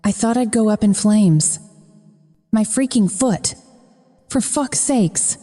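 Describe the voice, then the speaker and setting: A woman's voice: mid-range voice, slow, mellow, faint music behind. A woman narrating a first-person romance audiobook in a frank, profane manner. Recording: long reverb.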